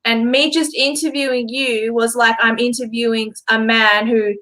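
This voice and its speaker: Bright-voiced Australian woman host. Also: on the high side, steady tone, moderate pace. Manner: apologetic, laughs often, chatty. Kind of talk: casual interview.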